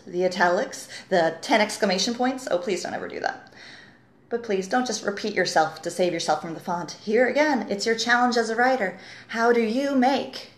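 A woman editor talks through writing advice with earnest, teacherly emphasis. She leans on rhetorical questions and stresses her key points. Her voice sits at a middling pitch and rings a little in an echoey room. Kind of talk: talking-head writing tip video.

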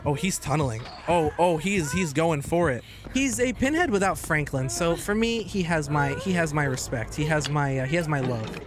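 A man giving joking, excitable commentary while streaming gameplay, often breaking into high shouts. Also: normal speed, hardly any pauses. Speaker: gaming streamer.

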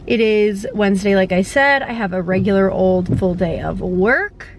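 A woman's voice: mid-range voice, moderate pace, background noise. A woman chatting casually to camera from her car in a drive-thru line, sounding a little stuffy. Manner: chatty, rambling. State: slightly stuffy. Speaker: vlogger. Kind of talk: casual vlog chat.

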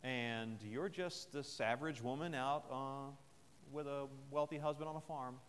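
A man's voice: on the high side, expressive, moderate pace, lightly acted. A man voicing a proud, indignant young warrior-king who speaks in a dismissive, boastful way, as part of a sermon. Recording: long chapel reverb.

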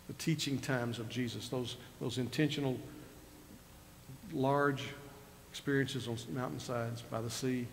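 Older male pastor, gravelly, conversational sermon delivery in a reverberant church hall. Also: medium pitch, fairly even intonation, measured pace, slight background noise. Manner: conversational preaching, retells scripture with rising emphasis. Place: church sanctuary.

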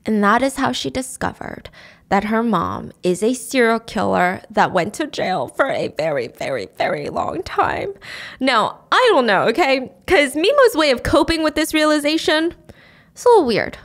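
A woman podcast host retelling a story in a chatty, animated way, often laughing. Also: on the high side, moderate pace. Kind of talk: casual storytelling recap.

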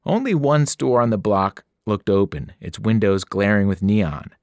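A man narrating a novel aloud with expressive storytelling, his pitch rising and falling widely. The sound is dry and close, with no room around it. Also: a little slow, no echo. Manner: expressive first-person narration with character voices. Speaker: teacher reading aloud. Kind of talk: audiobook narration.

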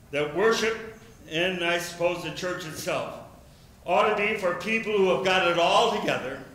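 Male pastor, sermon delivery, forceful bright tone, recorded in a reverberant sanctuary. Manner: storytelling, voices the crowd's questions with rising pitch. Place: church sanctuary. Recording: echoey church room.

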